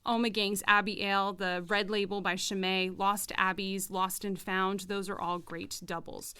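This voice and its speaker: A woman's voice: medium pitch, little pitch movement, moderate pace, sharp tone, clean tone, no room sound. A woman co-hosting a casual podcast, explaining beer styles from her notes with chatty asides. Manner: informative, reads notes with asides. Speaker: podcast co-host presenting a beer segment. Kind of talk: casual podcast chat, semi-scripted explainer.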